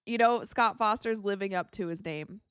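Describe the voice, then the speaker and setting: An excitable woman from the United States giving casual live commentary while watching a game, tired and yawning, with quick reactions and frequent laughs. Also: medium pitch, clear, resonant tone, dry recording, studio quality. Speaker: live-stream sports commentator.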